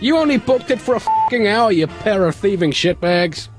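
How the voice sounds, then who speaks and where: A man voicing an angry male rental salesman who shouts and swears. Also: high-pitched, lively intonation, moderate pace, over music, pitched above the performer's own voice. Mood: furious. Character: furious male donkey rental salesman, yelling.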